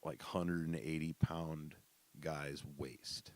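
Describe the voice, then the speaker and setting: Deep-voiced joking man telling stories. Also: steady tone, takes it slowly, no room sound. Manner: profane, joking, laughing asides. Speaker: podcast host. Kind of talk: casual storytelling.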